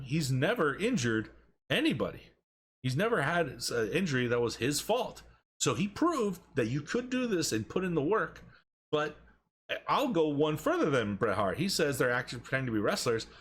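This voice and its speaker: A man co-hosting a wrestling podcast in casual, profane chat, acting out quotes with excited jumps in pitch. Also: slight background noise. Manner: animated, profane, acts out quotes with rising pitch. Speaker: podcast co-host.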